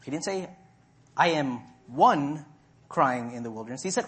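Emphatic preacher with a lively voice. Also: male voice, on the high side. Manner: emphatic, deliberate, stretches key words for stress. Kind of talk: expository sermon.

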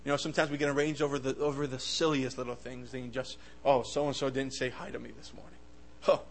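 A man preaching a sermon with passion, swinging between loud bursts and soft asides, often stammering and restarting his words. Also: medium pitch, flat delivery, fast, rough recording.

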